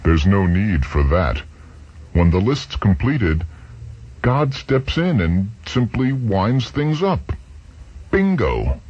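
A man's voice: on the low side, very animated, slow pace, darkish tone, husky, no echo, pitched above the performer's own voice, full character voice. A man voicing an anxious young male engineer who speaks urgently, in a dull lo-fi recording. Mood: uneasy. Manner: urgent, worried.

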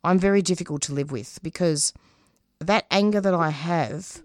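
A low-voiced woman speaks with earnest, passionate conviction, halting and restarting as she searches for words. Her voice sits deep for a woman. The sound is close and dry. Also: darkish tone, no echo. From Australia. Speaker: radio producer and host, interview guest. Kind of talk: casual interview talk.

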